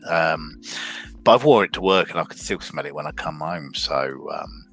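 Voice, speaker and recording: Deep-voiced rambling man. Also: fairly quick, pushed and bright, faint music behind. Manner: rambling, lots of restarts and ums. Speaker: co-host. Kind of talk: casual chat.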